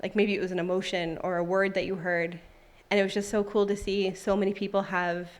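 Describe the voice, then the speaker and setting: A woman's voice: medium pitch, flat delivery, brisk. A woman in her thirties at a church service, sharing a personal testimony in a conversational, heartfelt way and then reading scripture aloud. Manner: conversational and heartfelt, with many fillers.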